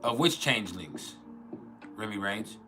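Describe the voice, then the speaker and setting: A man's voice: lowish voice, lively intonation, unhurried, over music. A man hosting a casual livestream, rambling, often restarting his sentences and reading out chat comments. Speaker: livestream host.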